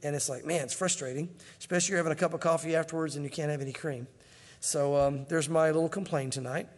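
High-voiced pastor in an echoing hall. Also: male voice, fairly even intonation, fast. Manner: conversational, with joking asides. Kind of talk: sermon, Bible teaching.

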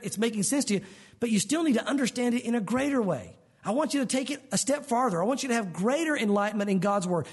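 A man preaching a sermon as a pastor, lively and animated, acting out the voices of the people in his stories. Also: very high-pitched, slightly rough.

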